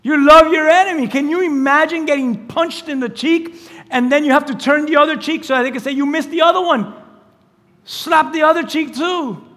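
A man preaching a lively, conversational sermon as pastor, acting out quoted lines and laughing along the way. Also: very high-pitched, moderate pace. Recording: church hall with long reverb.

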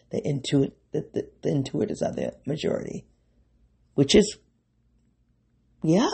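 A podcast host reflects alone on the mic, his mid-range voice creaky, dark, and husky. He wanders through his thoughts, interrupting himself and speaking right to his listeners.

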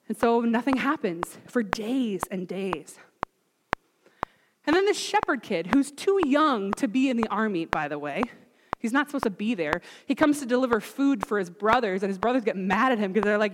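A woman preaching a sermon, retelling a Bible story in a lively way and acting out the quotes, recorded in an echoey hall with background noise. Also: fairly high pitch, moderate pace.

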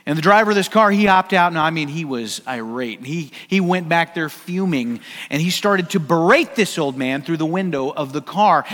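An American pastor preaches in a high, bright-toned voice, casual and joking but emphatic. His words carry a long reverb through the church sanctuary. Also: lively intonation, brisk, few pauses. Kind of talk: sermon.

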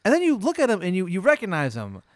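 A man's voice: sits high, huge pitch swings, quick pace, no room sound, clean studio sound. A man hosting a comedy podcast, spinning a long hypothetical story in a rambling way, full of "like" and "uh". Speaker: podcast host.

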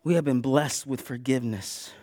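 A man preaching a sermon in a casual, conversational way, moving between loud bursts and hushed asides. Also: mid-range voice, moderate pace, dry recording, studio quality. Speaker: pastor.

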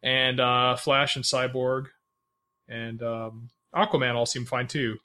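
On a podcast he co-hosts, a man chats casually about films, full of fillers, restarts and frequent laughter. He speaks slowly in a sharp, mid-range voice with little pitch movement.

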